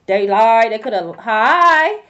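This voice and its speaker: Slow and high-pitched, this woman gives a casual tarot reading straight to camera, cursing bluntly and leaning hard on slang and repetition with lively energy. The audio sounds dull.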